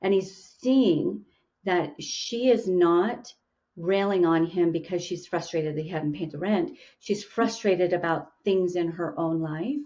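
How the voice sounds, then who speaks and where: Low-voiced woman hosting a talk show. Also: unhurried, warm tone, highs cut off. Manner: musing, with many restarts and fillers. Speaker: podcast host. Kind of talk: casual interview chat.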